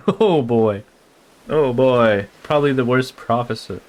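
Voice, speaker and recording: A man's voice: medium pitch, animated, slow, a little mellow, slight background noise. A man giving casual let's-play commentary, full of profane, joking, playful asides. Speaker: gaming streamer.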